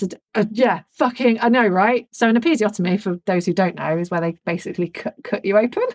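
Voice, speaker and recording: A woman telling a story on a podcast, frank and animated, with a soft, breathy edge to her voice. She swears freely and keeps the chat casual. The sound is dry and close. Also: mid-range voice, fast talker, hardly any pauses, no echo. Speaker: podcast co-host.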